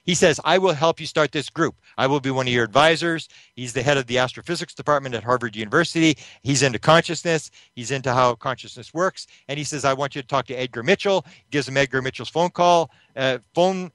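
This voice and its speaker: A man being interviewed, telling a long story with animated retelling, acting out the voices of the people in it. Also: medium pitch, brisk, hardly any pauses, no echo. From Canada. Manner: animated retelling that acts out quoted voices, with restarts. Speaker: interview guest, UFO researcher.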